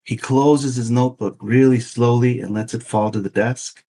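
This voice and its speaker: This fifties-aged man speaks at medium pitch and a moderate pace while guesting on a podcast. He spins a lengthy personal tale in a relaxed storytelling way, lively throughout and performing each quoted character's voice.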